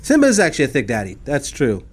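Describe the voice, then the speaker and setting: A young man bantering casually as a stream co-host, slangy and quick to laugh. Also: mid-range voice, huge pitch swings, noisy background.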